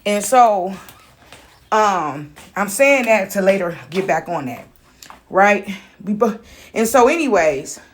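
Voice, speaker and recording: A woman, out of breath, chatting casually in a spiritual vlog and often asking "right?". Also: on the low side. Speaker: vlogger. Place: in a house with her dog.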